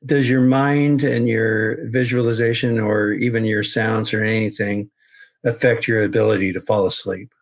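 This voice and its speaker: A man's voice: lowish voice, fairly even intonation, moderate pace. A man hosting a podcast, asking questions methodically and often restarting his phrasing. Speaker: podcast host and interviewer. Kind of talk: interview questions.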